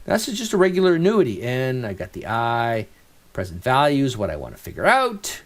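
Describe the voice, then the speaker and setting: Middle-aged male instructor, lively up-and-down delivery, chatty, keeps checking in with the class. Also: mid-range voice, brisk. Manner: animated, conversational, thinks aloud with rhetorical checks. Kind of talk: recorded finance lecture.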